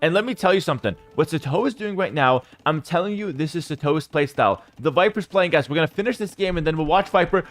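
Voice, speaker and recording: A man streaming live esports commentary, talking straight to his chat, firing off quick play-by-play and breaking into excited outbursts. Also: a little high, dry recording. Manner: chats to viewers as "guys". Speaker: streamer casting a game.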